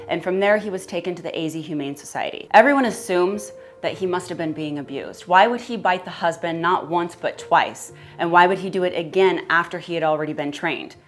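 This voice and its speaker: Blunt, emphatic woman with a lowish voice. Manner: emphatic, blunt, swears casually. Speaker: dog rescuer and trainer. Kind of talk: personal storytelling and advice.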